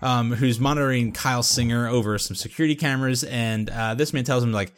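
Man, podcast host, casual recap, chatty, filler-heavy, mid-pitched voice. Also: steady tone, fairly quick.

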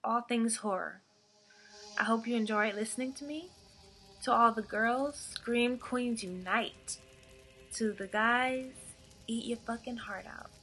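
A woman's voice: fairly high pitch, unhurried, sharp tone, soft background music. A young adult woman hosting her own podcast, talking casually and chattily, swearing now and then and laughing often. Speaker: podcast host. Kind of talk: casual solo podcast talk.

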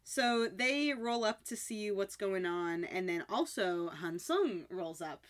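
A woman's voice: medium pitch, lively intonation, slow pace. A woman co-hosting a casual podcast, animatedly retelling a drama episode and acting out the characters' lines. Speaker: podcast co-host. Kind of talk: casual recap chat.

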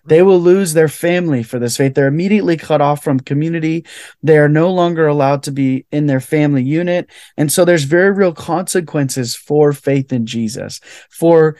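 A man's voice: on the high side, normal speed, mellow, no echo, studio quality. A young man, a podcast guest, sharing a heartfelt personal testimony with lots of "like" fillers. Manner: heartfelt, fills speech with "like". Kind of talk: earnest personal testimony in conversation.

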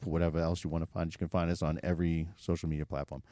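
A man with a thick Boston accent hosts a casual podcast, joking and rambling as he cuts himself off mid-thought. His voice sits low and mellow, and he talks quickly. The sound is dry and close. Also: level tone, no echo. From Boston area. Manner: joking, rambling, self-interrupting. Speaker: podcast host. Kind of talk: casual chat.

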